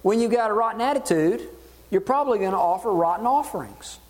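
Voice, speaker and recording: High-voiced animated male preacher. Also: fast talker, long reverb tail. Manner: animated, acts out voices in dialogue. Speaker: pastor. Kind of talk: sermon.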